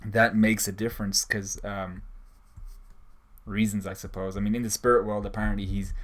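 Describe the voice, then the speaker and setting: Casual male reviewer, somewhat low voice, sarcastic and profane, does quick character voices. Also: level tone. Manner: sarcastic, swearing, acts out characters. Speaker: manga reviewer.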